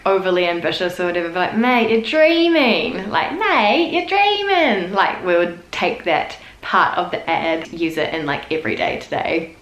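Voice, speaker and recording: A young woman with a New Zealand accent chats through local slang in a relaxed vlog. Her voice sits a little low for a woman. The room around her is echoey. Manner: chatty, acts out sayings in a lively put-on voice. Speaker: vlogger. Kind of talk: casual explainer vlog.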